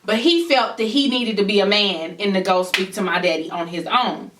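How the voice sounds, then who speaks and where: A woman vlogger telling a personal story to her viewers in a lively storytime chat, acting out what others said. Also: medium pitch, moderate pace, distant mic, noisy background. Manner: animated storytelling, addresses viewers directly; acts out others' voices in quotes. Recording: echoey room, voice a bit off-mic.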